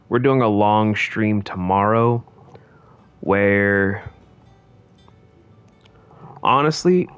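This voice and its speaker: Slow, low-voiced male game streamer. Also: no echo, lo-fi sound. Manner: rambling and jokey, talking to chat. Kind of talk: casual gaming commentary.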